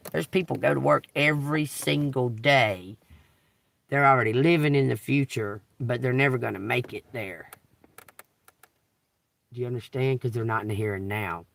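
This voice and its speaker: Bright-edged and medium in pitch, this man's voice carries a tarot livestream where he reads scripture and then riffs on it in a casual way. "Okay?" comes up over and over, and he laughs and swears while preaching with emphasis.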